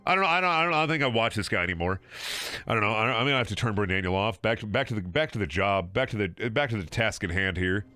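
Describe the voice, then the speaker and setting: Faint music plays behind a fast-talking man whose lowish, expressive voice has a sharp tone and no echo. He livestreams a game with casual commentary that's sarcastic, rambling and profane, full of laughter and repeated words.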